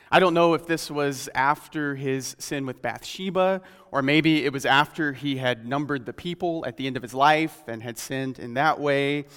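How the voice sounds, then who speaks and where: A man preaching a sermon in an earnest, questioning way, slowing down when he reads scripture aloud. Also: on the high side, fairly bright tone, clean tone, in a large hall.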